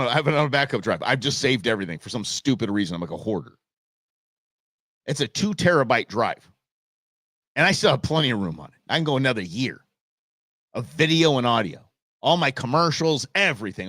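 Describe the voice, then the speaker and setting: A man's voice: mid-range voice, fairly bright tone, no echo, studio quality. A middle-aged man hosting a live talk show, ranting bluntly and with exasperation. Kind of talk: opinionated live show rant.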